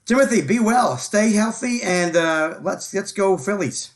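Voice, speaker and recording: Sports-show host, man, slightly high voice, loose rambling chat full of ums and restarts. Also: lively intonation. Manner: filler-heavy, repeats words, quick to laugh. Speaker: podcast host. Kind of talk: casual live sports chat.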